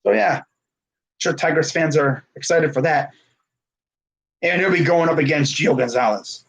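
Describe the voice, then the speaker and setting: Young guy streaming sports talk, high husky voice, rambly and lively. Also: normal speed, rough recording. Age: 20s. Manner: rambling, animated, frequent fillers and self-corrections. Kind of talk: casual sports chat reading live comments.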